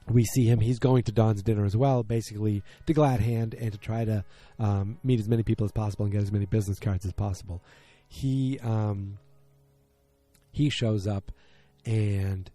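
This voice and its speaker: Guy doing a rambly podcast recap, lots of ums, lowish voice. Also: mellow. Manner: chatty, many ums, quotes characters loosely. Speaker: podcast host. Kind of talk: casual episode recap.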